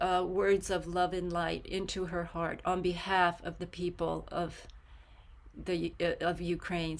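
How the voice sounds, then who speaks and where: A woman hosting an online prayer gathering over a video call, speaking in a gentle, soft-spoken, affectionate way. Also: mid-range voice. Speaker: host.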